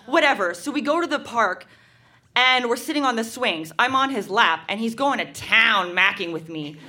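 A woman's voice: fairly high pitch, normal speed, bright, forceful tone. A young woman reading her teenage diary aloud at a live show, wry and laughing through it. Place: live venue stage.

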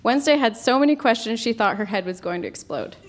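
A woman's voice: fairly high pitch, expressive, fast. Woman reading a childhood story aloud. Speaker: reader at a live storytelling show.

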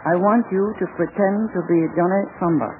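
A formal military general, as a man acts him out, commanding and measured, his voice sitting high. It crackles through a tinny old radio recording under clear hiss. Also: lightly acted. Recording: scratchy 1940s radio broadcast with hiss.

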